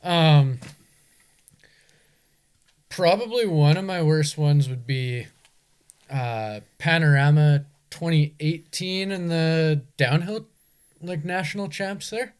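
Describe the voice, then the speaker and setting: A man's voice: on the high side, slow, pauses often, smooth. A young man, a guest telling stories in a laid-back way, often saying "like". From Canada. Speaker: guest, enduro racer. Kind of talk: casual chat.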